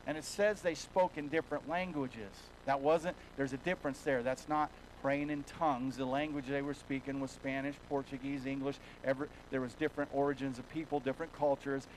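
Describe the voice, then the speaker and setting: A man preaching a sermon as a pastor in a church, telling a folksy story and swinging between hushed and loud passages. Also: medium pitch, steady tone, fairly quick, hardly any pauses, a little hiss or hum, poor audio.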